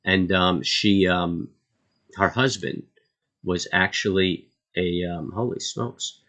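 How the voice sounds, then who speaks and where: A man with a low, gravelly voice talks loosely through a live market stream. He rambles with frequent ums and uhs and chats with his viewers as he goes. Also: slow, bright, forceful tone. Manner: laid-back, chatty asides to viewers. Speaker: live trading stream host.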